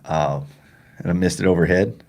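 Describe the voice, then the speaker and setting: A man's voice: sits low, normal speed, a little mellow. A man with a Southern country accent, a podcast guest talking plainly about weightlifting in a small upstairs room. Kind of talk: casual podcast chat.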